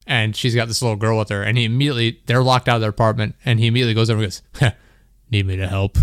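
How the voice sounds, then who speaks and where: A man's voice: medium pitch, level tone, very fast, clean tone, no echo, clean studio sound. A young man hosting a podcast, telling a story in a rambling, laughing way, full of "like". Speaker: podcast host. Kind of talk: casual chat.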